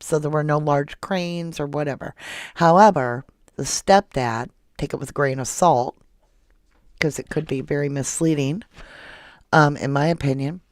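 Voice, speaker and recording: Broadcasting a casual true crime livestream from home, a woman reads viewers' messages aloud and doesn't hold back her blunt opinions. She speaks at normal speed in a low-pitched voice, with a dry, clean studio sound.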